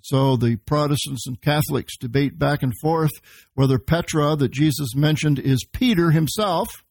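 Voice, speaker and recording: A man's voice: a little high, normal speed, gravelly, a little mellow, no echo. A man preaching as pastor, teaching verse by verse and explaining the Greek words behind the scripture he quotes. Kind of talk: verse-by-verse sermon.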